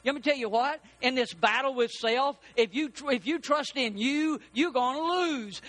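A man preaching a sermon as a pastor, building to emphatic peaks and dropping to hushed appeals. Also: extremely high pitch.

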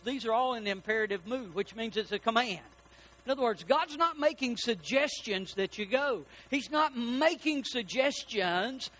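A man preaching a sermon in a church, folksy and animated, asking his congregation questions. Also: high-pitched. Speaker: pastor. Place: church sanctuary.

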